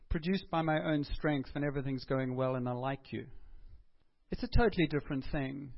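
A man preaching a sermon in an earnest, conversational way, asking his listeners rhetorical questions. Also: fairly high pitch. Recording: dull lo-fi recording.

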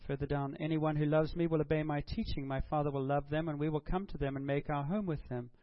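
A man's voice: on the high side, fairly even intonation, quick pace, no echo, highs cut off. Man preaching with rhetorical questions. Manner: rhetorical questions, acts out prayers and dialogue. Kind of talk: sermon.

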